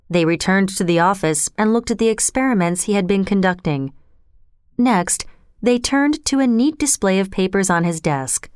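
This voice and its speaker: Woman storyteller, smooth resonant voice, dry close sound, steady reading. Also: mid-range voice, no room sound. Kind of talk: scripted narration.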